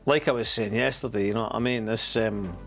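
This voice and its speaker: A lower-voiced Scottish man talks loosely through a livestream, swearing often and drifting from point to point. He breaks off into the odd chuckle, and faint music sits under his voice. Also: fairly even intonation, a little fast, gravelly, a bit bright. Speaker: streamer host. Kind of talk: casual livestream commentary.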